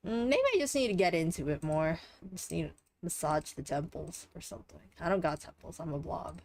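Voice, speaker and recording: A woman's voice: on the low side, a little fast, darkish tone, no echo. A young adult woman streaming live, talking through a game in a rambling, offhand way and swearing casually. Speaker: livestreamer.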